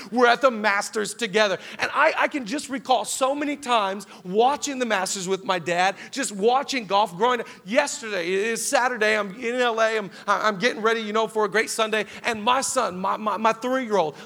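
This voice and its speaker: High, bright-voiced pastor in his thirties. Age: 30s. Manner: animated storytelling with rising excitement. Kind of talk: sermon. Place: large church hall.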